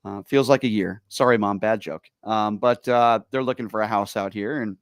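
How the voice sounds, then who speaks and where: A man hosting a talk radio show, telling stories in an animated, exasperated way. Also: lowish voice, normal speed, clear, resonant tone, dry recording, studio quality. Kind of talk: casual talk radio chat.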